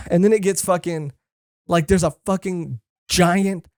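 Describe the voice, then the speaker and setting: Excitable profane podcast co-host man. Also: sits high, measured pace, smooth, no room sound, studio quality. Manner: excitable, profane, rambling with many fillers. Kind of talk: casual chat.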